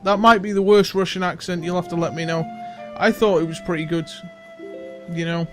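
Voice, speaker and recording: A man's voice: high-pitched, fairly even intonation, a little fast, music in the background. A man hosting a casual let's play, chatty and self-mocking, thinking aloud as he plays. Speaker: gaming channel host.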